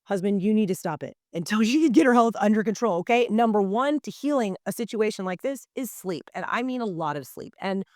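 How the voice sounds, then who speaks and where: A woman's voice: medium pitch, expressive, a little fast, hardly any pauses, darkish tone, no room sound. A woman co-hosting a casual health podcast, voice in the middle of the range for a woman. She talks earnestly and with emphasis, right to her listeners. The sound is dry and close. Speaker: podcast co-host.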